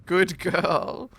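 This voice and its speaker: Playful streamer with a gravelly, bright voice. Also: medium pitch. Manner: playful, teasing, laughs often, sing-song swings. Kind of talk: casual live-stream chat.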